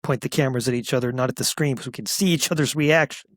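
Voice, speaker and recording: A man's voice: medium pitch, fast talker, no echo, studio quality. A man co-hosting a casual podcast, talking in an easygoing, chatty way and chuckling now and then. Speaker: podcast co-host. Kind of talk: casual chat.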